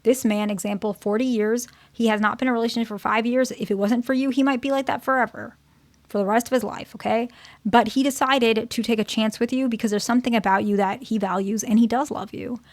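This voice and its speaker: A woman's voice: a little high, fairly even intonation, a little fast, dry recording. Chatty woman therapist, dry sound. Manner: conversational, keeps checking in with "okay?" and "right?". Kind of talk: casual advice talk to her channel's viewers.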